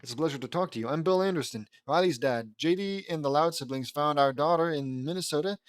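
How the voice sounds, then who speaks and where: A man's voice: fairly high pitch, quick pace, no echo, natural voice. A man voicing a kindly middle-aged father talking on the phone, read in an earnest, polite way.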